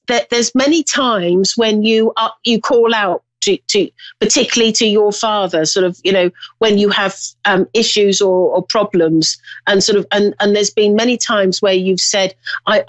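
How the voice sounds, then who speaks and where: Woman, medium and show host, mid pitch, rambling and reflective, gentle with callers, dry close sound. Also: moderate pace, dry recording. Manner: rambling, reflective, many restarts. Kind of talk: call-in radio hosting.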